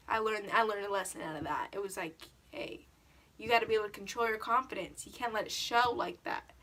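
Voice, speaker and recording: A teenage girl talks through a casual question-and-answer vlog, rambling into stories with plenty of "like". Her voice is bright and a little high, with a lively edge. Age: teens. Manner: chatty storytelling, lots of "like". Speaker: vlogger.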